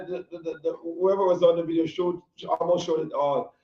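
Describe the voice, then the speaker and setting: A man hosting an interview, speaking haltingly with many pauses and fillers. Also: a little high, flat delivery, mellow, echoey room, muffled recording. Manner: halting, lots of fillers, laughs easily. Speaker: interview host.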